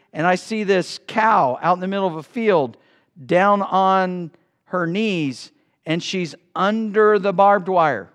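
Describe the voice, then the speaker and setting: A middle-aged male pastor preaching a sermon in a church, swinging between loud bursts and hushed asides. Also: sits high. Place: church sanctuary.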